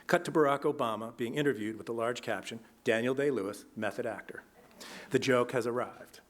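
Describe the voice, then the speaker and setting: A man delivers an academic lecture, reading steadily from a prepared text. His tone is measured and his pitch sits in a middle range.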